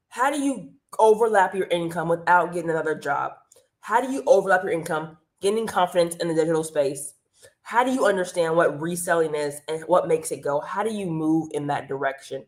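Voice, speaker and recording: A woman hosting a live stream, giving an energetic motivational pep talk about earning extra income and greeting viewers in the chat by name. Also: fairly low pitch. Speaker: livestream host and business coach. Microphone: streaming mic.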